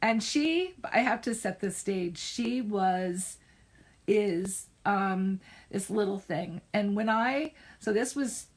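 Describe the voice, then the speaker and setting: Woman, middle-aged, therapist, casual live-stream chat, slow pace, self-correcting, emphatic. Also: medium pitch. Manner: unhurried, personal, with restarts and self-corrections.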